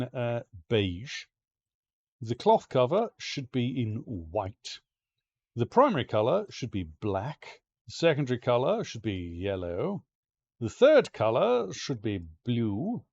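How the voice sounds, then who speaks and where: A man streaming a game, chatting to its pets and cursing in excitement, his pitch leaping all over the place at an unhurried pace. The sound is dry and close, with a slightly dull, lo-fi mic. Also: creaky, dry recording. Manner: excitable, swears and talks to the game's pets. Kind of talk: let's-play gameplay commentary.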